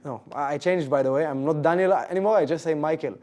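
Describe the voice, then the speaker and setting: A man's voice: a little high, quick pace, a little mellow. A man as an interview guest, chatting in an easygoing, casual way and often restarting his sentences. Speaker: guest, professional esports player.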